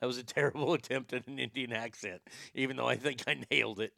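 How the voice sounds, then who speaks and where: A man's voice: mid-range voice, fairly even intonation, fast, creaky, bright, forceful tone, no echo. A man hosting a ranting commentary show, crude and mocking, often stammering and restarting his sentences. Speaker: commentary podcast host.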